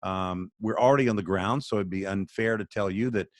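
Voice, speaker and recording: Male charity spokesman, earnest and sermon-like, lower voice, dry video-call sound. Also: brisk, no room sound. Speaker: charity spokesman, radio guest.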